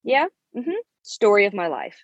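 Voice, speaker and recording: A woman's voice: medium pitch, huge pitch swings, moderate pace, husky, no room sound. Woman, 30s, podcast host, emphatic motivational monologue, muffled and dry recording. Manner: emphatic, preachy, uses endearments.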